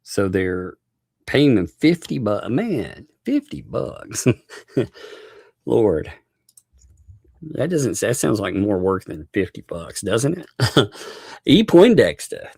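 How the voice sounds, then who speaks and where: Man, live-stream host, casual commentary, frequent laughs, animated delivery, dry sound. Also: medium pitch, vocal fry, breathy edge, no echo. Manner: chatty, laughs often, thanks viewers by name.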